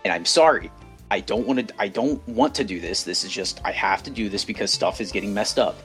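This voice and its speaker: A man's voice: fairly low pitch, fairly quick, a bit bright, soft background music. A young man co-hosting a podcast, telling a story in casual chat, rambling with many restarts. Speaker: podcast co-host.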